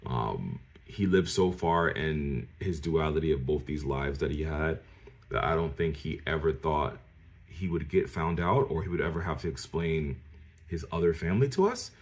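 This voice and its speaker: A man with an extremely deep, low voice tells a true personal story straight to his viewers. He is from New York and talks in a loose, casual way, full of asides. He slips into the voices of the people he quotes. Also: expressive, moderate pace. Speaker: storyteller vlogger.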